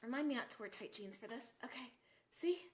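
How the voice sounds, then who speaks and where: A woman hosting a casual health live stream, animated and talking to her viewers while she exclaims and curses at the cold. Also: a little high, brisk. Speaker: health show host.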